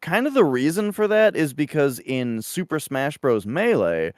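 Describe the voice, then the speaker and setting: A man co-hosting a podcast in casual chat, rambling with lots of fillers and animated asides. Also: a little high, normal speed, dry recording, studio quality. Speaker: podcast co-host.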